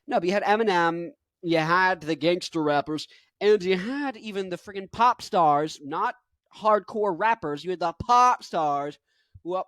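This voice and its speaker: A man's voice: high-pitched, a little slow, fairly bright tone, no room sound. Rambling, jokey young man, dry recording. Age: 20s. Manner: rambling, jokey, goes off on tangents. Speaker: rock musician reacting to a video. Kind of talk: casual reaction commentary.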